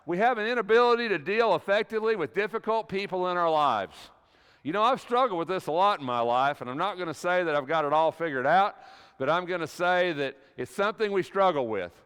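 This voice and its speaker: A man's voice: sits high, animated, brisk, a bit bright, smooth, long reverb tail. A middle-aged man preaching a sermon in a church, folksy and conversational, telling a personal story with frequent restarts. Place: church sanctuary.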